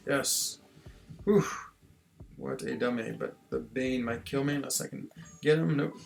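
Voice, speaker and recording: Man from switzerland, gravelly voice, casual game-stream chatter, faint music behind. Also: mid-range voice, a little slow, long pauses, a bit bright. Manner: chatty, self-deprecating, reads chat aloud. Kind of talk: casual gameplay stream chat.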